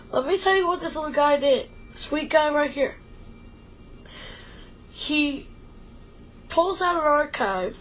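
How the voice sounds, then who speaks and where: A livestream co-host with a slightly high voice chats casually, heartfelt and a little rambling, sounding emotional and grateful. The low-quality recording carries faint background noise under her voice.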